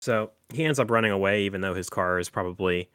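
Rambling man, lower voice, dry sound. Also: fast talker, fairly bright tone, smooth, no room sound. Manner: rambling, many fillers and restarts. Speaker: podcast host. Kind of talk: casual movie chat.

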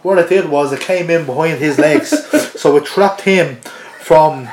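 An Irish man with a fairly high voice tells a story as a podcast guest. He chuckles as he goes and keeps it loose and casual. The recording has a roomy, echoey sound. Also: a little slow, hardly any pauses. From Ireland. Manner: chuckles through an animated anecdote. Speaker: interview guest.

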